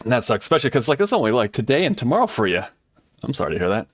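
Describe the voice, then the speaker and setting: A man's voice: mid-range voice, big pitch swings, very fast, a bit bright, no echo. Chatty upbeat male streamer, dry mic. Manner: chatty, upbeat, lots of fillers and asides. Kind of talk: casual live-stream chat with viewers.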